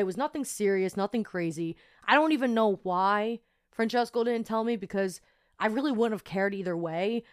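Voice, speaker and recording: A young woman speaking to her podcast listeners in a medium-pitched voice. She tells a personal story in a loose, emotional and rambling way, with lots of "like" and "you know". The sound is dry, with little room echo. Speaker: podcast host.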